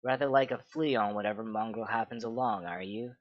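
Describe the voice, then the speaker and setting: A man's voice: on the low side, fairly quick, dry recording, natural voice. A man voicing a proud, scheming queen mother who speaks in a haughty, cutting way, in a dull, dry recording. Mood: imperious.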